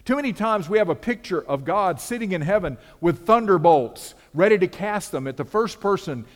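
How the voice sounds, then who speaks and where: Earnest preacher in a reverberant church. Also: male voice, a little high. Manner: earnest, conversational preaching with repeated words. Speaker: pastor. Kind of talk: sermon. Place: church sanctuary. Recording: long hall reverb.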